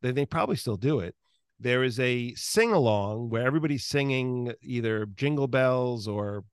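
A male host leads a casual chat, rambling and doubling back on himself as he talks. His voice is medium-pitched and sits close and dry in the mic, with no room sound. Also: moderate pace, smooth, no echo. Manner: rambling, animated, self-interrupting. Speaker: podcast host.

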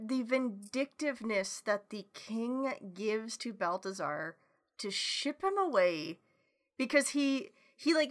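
A woman's voice: fairly high pitch, pushed and bright. A woman co-hosting a casual film review chat, blunt and enthusiastic, retelling scenes and swearing freely. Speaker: podcast co-host.

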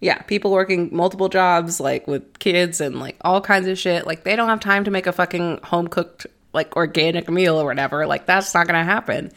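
A woman's voice: fairly low pitch, fairly quick, hardly any pauses, a bit bright. A woman co-hosting a casual podcast chat, swearing freely, saying "like" a lot and laughing often. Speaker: podcast co-host.

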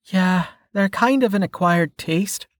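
A man's voice: high voice, slow, no room sound, pitched above the performer's own voice. A blunt young woman fighter with a dry, teasing edge, put on by a man narrating. Her voice sits far above his usual register and stays matter-of-fact. The recording is close and dry, with no room sound.

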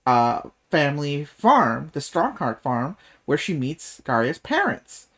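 A man talks through a book's plot on a podcast in a casual, animated way. He leans on sarcasm, laughs easily and swears freely while recapping. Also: on the high side, slow pace. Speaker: podcast co-host. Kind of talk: casual book discussion.

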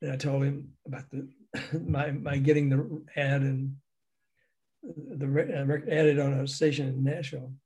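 A man's voice: mid-range voice, a little slow, husky. An older man from the American South, telling anecdotes in an interview and acting out the people in them. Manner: animated, acts out the voices in his stories, laughs often. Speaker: guest recounting a music industry career.

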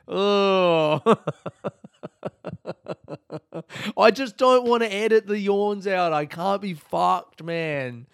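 Medium-pitched and resonant, this clear male voice belongs to a young Aussie running a solo podcast. He chats in a loose, meandering style, swearing plenty, and the studio sound is clean with no audible room.

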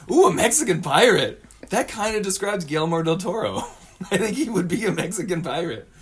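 A man's voice: high voice, sing-song, fairly quick, husky. Giggly, rambling male podcast co-host. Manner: chatty, laughs easily, trails off and restarts. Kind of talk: casual chat.

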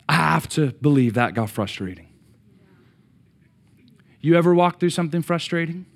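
A middle-aged male pastor preaching with animated energy. His voice sits a little high for a man, and he swings between loud excited bursts and quiet reflective stretches, often restarting with repeated words. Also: moderate pace, creaky, long pauses. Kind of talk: sermon.

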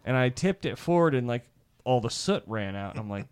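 A man from Iowa co-hosting a podcast, telling a crude, animated hunting story and laughing as he talks. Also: medium pitch, brisk, clean tone. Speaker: podcast co-host. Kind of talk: crude storytelling among friends.

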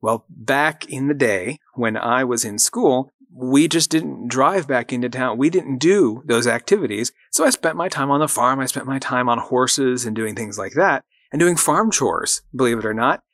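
An upbeat man hosts a motivational podcast at a mid-range pitch, encouraging listeners and leading them through repeated affirmations. His voice is close and dry, recorded on a studio microphone. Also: lively intonation, normal speed, hardly any pauses, a bit bright, no echo. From rural farm upbringing. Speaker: podcast host and coach.

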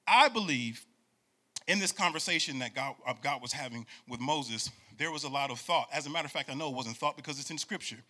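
A man in his forties preaching a conversational sermon as pastor, animated and repetitive, sliding into sing-song phrases and calling for responses from the congregation. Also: mid-range voice, brisk. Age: 40s.

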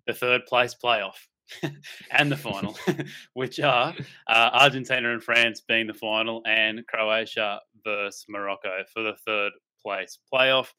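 A man's voice: medium pitch, bright, forceful tone, smooth. An Australian man hosting a live sports betting podcast in a laid-back, joking way, swearing now and then. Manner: laid-back, swears freely, laughs often. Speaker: podcast host. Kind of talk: casual sports betting chat.

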